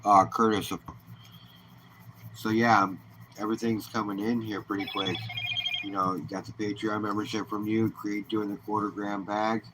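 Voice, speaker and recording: Laid-back, low-voiced man chatting on a live stream. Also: flat delivery, moderate pace, background noise. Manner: easygoing, chatty, greets viewers by name. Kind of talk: casual live-stream chat.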